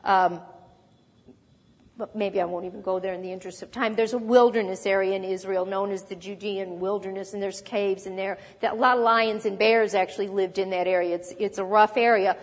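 Husky woman preaching in a reverberant church. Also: mid-range voice, a little fast. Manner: animated storytelling, conversational asides. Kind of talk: sermon.

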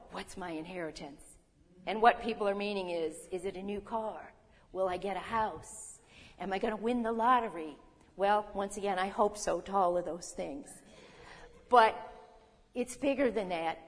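Woman preacher, mid pitch, teaching from scripture with questions for the congregation, long hall reverb. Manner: teaching, reading scripture aloud, asking the audience questions. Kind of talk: sermon.

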